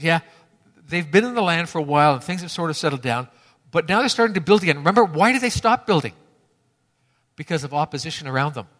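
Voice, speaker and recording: A man's voice: fairly high pitch, fairly bright tone, in a large hall. A man preaching a sermon to his congregation, emphatic and fond of repeating key phrases for effect. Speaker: pastor.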